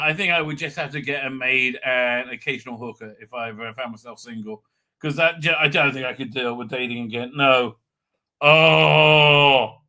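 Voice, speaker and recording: A middle-aged man hosting a casual livestream, rambling, chatty and quick to laugh as he reads viewer comments. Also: fairly high pitch, bright, forceful tone. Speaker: livestream host. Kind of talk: casual live chat, reading viewer comments.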